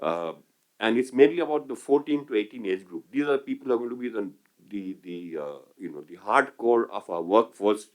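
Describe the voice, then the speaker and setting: An older man with an Indian English accent speaking as an economist on a panel, measured and full of hesitations and restarts. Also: fairly low pitch, lively intonation, a little mellow. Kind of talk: panel discussion remarks.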